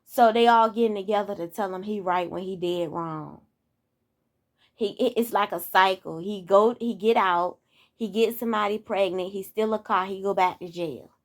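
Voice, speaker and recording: Here a young vlogger in her twenties rants casually to her audience, exasperated, saying things more than once and tossing out rhetorical questions. She has a medium-pitched voice at a normal speed, in a dry, studio-quality recording.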